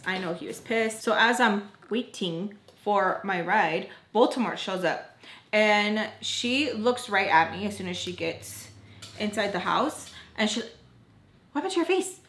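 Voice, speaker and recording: A woman's voice: medium pitch, unhurried, a bit bright, a little hiss or hum. Chatty young woman in echoey room. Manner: chatty, quotes people in her own voice, sighs often. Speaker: storytime vlogger. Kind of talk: casual storytime chat. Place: indoors, rain audible outside.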